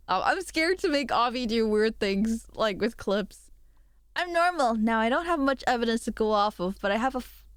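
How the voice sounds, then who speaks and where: A woman VTuber streamer rambles through a casual livestream chat, often breaking into giggles. Her voice sits a little high and sounds smooth and clear. The sound is dry and close. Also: no echo.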